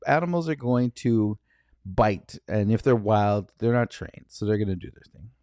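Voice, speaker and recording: A man's voice: lowish voice, moderate pace, dark tone, dry recording, clean studio sound. A man from Canada co-hosting a casual podcast, joking and laughing often. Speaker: podcast co-host. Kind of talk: casual chat.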